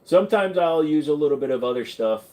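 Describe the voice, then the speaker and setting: A man's voice: on the high side, lively intonation, quick pace, darkish tone. Joking man hosting a casual Q&A. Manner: crude, joking, offhand. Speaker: livestream host answering viewer questions. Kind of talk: casual livestream Q&A.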